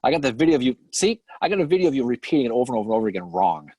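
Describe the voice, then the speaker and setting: A man's voice: medium pitch, sing-song, very fast, darkish tone, dry recording. A man co-hosting a casual live-stream chat, teasing and joking with his co-host and swearing casually. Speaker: podcast co-host.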